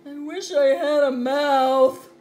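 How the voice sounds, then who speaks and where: A woman voicing a sad little male knot in a picture book, speaking plaintively in a raised, louder voice. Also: sits high, fairly even intonation, takes it slowly, soft background music.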